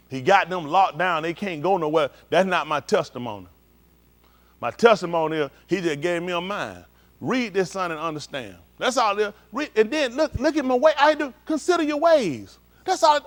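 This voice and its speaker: Animated preacher. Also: male voice, sits high. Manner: animated, shouting bursts, acts out scenes. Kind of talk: informal sermon. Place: synagogue hall.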